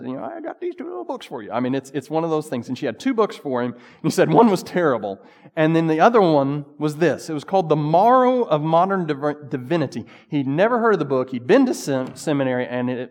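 A man's voice: a little high, a little mellow, big-room sound. A male pastor giving a casual, conversational sermon with bursts of emphasis.

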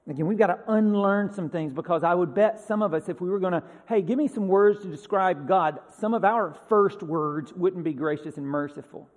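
A man preaching a sermon as pastor, earnest, swinging from loud emphasis to a hushed near-whisper. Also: sits high, normal speed, hardly any pauses. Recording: long hall reverb.

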